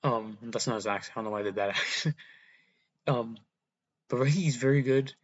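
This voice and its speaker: A young man talks through his fight picks in a loose, rambling way, stopping to correct himself and dropping the odd swear. His voice sits at a middling pitch. The recording is a bit dull and lo-fi. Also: moderate pace, husky. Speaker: MMA predictions YouTuber. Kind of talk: casual fight breakdown monologue.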